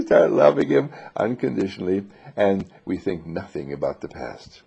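A man with a dark, mellow voice delivers an inspirational spiritual talk. His delivery is lively, with a husky rasp and a gravelly fry, and he acts out the voices he quotes. The recording sounds dull and lo-fi. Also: low-pitched, moderate pace, hardly any pauses. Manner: laughs between phrases.

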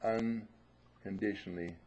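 Low-voiced man giving a gentle spiritual talk. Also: steady tone, slow. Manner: repetitive, gentle, affirming. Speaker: spiritual teacher. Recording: dull lo-fi recording.

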